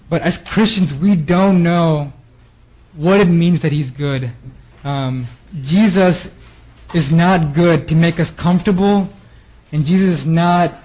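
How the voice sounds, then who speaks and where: A man's voice: fairly high pitch, darkish tone, rough recording. A man giving a sermon, reading Bible verses and then explaining them in a casual, earnest way with fillers. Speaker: preacher. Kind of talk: sermon reading scripture with commentary.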